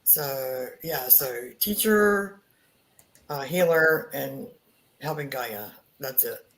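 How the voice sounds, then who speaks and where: A woman giving a psychic reading, slowly searching for words and repeating herself. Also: extremely low pitch, a crowd in the background. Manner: slow, repetitive, searching. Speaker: psychic reader. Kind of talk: spoken reading.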